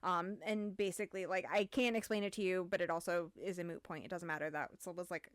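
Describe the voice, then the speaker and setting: A woman's voice: on the low side, steady tone, brisk, dry recording, studio quality. A woman hosting a casual book club podcast, summarizing a novel in a chatty way with lots of ums and likes. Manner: chatty, many "um"s and "like"s.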